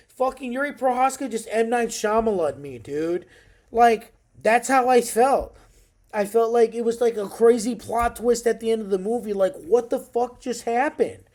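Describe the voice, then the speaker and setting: Man in his thirties, MMA recap vlogger; profane, slangy, excitable delivery with a mellow, warm tone. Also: sits high. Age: 30s. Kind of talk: casual fight recap monologue.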